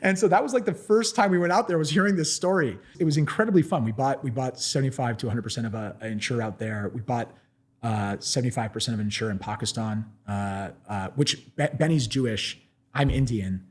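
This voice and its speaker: A husky-voiced American man tells a story at a quick clip. He talks casually and animatedly, piling on fillers and restarting sentences as he goes. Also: mid-range voice. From United States. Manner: animated, full of "like" fillers and restarts, laughs often.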